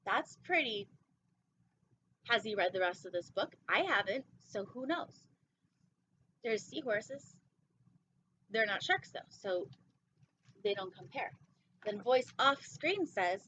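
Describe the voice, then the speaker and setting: A woman's voice: mid-range voice, expressive, takes it slowly, long pauses, pushed and bright, a little hiss or hum. A woman hosting a casual storytime, reading a picture book with goofy, rambling asides. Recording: dull lo-fi recording.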